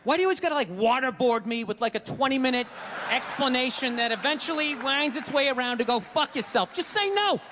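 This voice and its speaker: A man delivering a stand-up routine in a strikingly high voice. He tells his story with rising exasperation and acts out rants in quotes. A faint hiss sits under the recording. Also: lively intonation, fast talker. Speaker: stand-up comedian.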